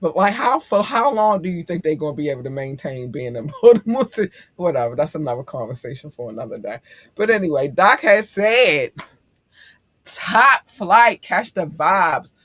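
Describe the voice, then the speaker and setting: A woman's voice: low-pitched, very animated, fairly quick, no echo. A woman co-hosting a podcast in casual chat, effusive and affectionate, laughing often as she talks to listeners. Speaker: podcast co-host.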